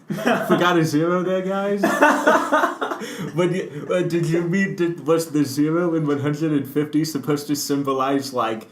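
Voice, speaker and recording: A man's voice: fairly high pitch, measured pace. A man co-hosting a casual news chat, joking and laughing often, recorded indoors in a room that is not well suited to recording. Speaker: news show co-host. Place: indoors, not ideal spot. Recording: echoey room.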